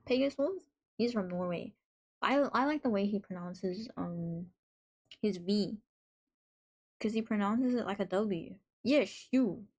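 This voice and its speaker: A woman's voice: medium pitch, a little slow, long pauses, a little mellow. A woman hosting a live stream in casual chat, reading out messages from viewers and reacting to them playfully. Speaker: livestream host.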